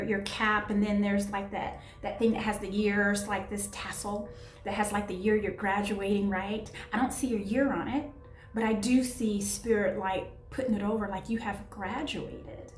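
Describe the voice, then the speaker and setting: A woman's voice: mid-range voice, steady tone, normal speed, a little hiss or hum. A woman giving a casual tarot reading, chatty and affectionate, often searching for words. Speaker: tarot reader. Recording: echoey room, voice a bit far from mic, soft music behind.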